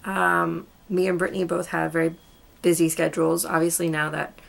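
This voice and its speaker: A young woman gushing excitedly about a TV show in a casual vlog. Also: on the low side, normal speed, vocal fry. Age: young adult. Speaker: guest vlogger.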